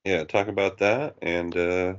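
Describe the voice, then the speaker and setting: A man's voice: sits low, steady tone, measured pace, muffled recording. A man hosting his own podcast in casual chat, playful and joking. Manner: playful, breaks into silly voices. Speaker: podcast host.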